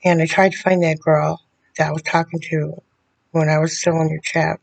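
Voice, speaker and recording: A woman speaking straight to the camera in a video letter, bitter and confrontational, often halting and restarting her sentences. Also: low-pitched, flat delivery, vocal fry. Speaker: vlogger addressing a public figure.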